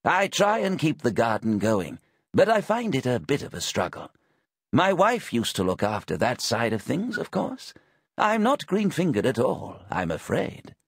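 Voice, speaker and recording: A croaky, frail old gentleman in his late sixties, hard of hearing, talks fussily and politely and drifts off rambling, as an audiobook narrator puts him on. His voice sits well above the narrator's own, husky and close to a dry mic. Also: medium pitch, wildly swooping pitch, a little slow, no room sound, pitched above the performer's own voice, full character voice. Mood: genial. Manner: fussy, polite, rambling about old motorbikes.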